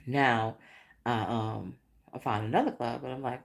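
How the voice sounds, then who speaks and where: A woman hosting a casual vlog-style podcast, telling a rambling, animated story with repeated questions. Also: rumbling low, unhurried. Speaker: podcast host.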